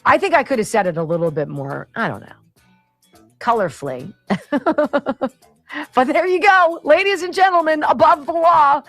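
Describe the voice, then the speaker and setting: A middle-aged talk radio host gives an opinionated, sarcastic monologue plus a host-read ad, laughing often and swinging from high, excited bursts to low, muttered asides. She speaks at a measured pace with frequent pauses, over soft background music, with no echo.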